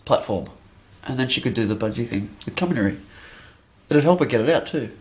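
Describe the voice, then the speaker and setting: A man's voice: mid-range voice, animated, fairly quick, poor audio. A man guesting on a podcast, dropping short, dry remarks in casual chat.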